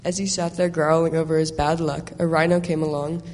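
A man reading a children's animal story aloud, steady, sometimes repeating a phrase. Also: fairly high pitch, a little fast, slight background noise. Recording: long hall reverb.

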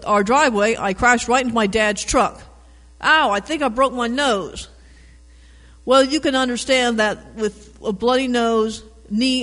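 Man reading a picture book aloud, high voice, animated with chatty asides; long room reverb. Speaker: reader.

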